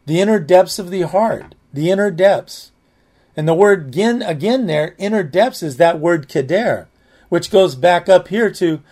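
A man's voice: fairly high pitch, a little mellow. A man preaching a sermon, telling a personal story in a rambling, conversational way with many restarts, often saying "man" and "amen".

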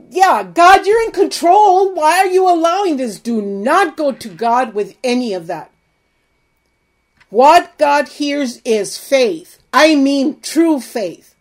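Woman, preacher, sermon, fervent, emphatic, high-pitched. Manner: fervent, emphatic, reads scripture aloud.

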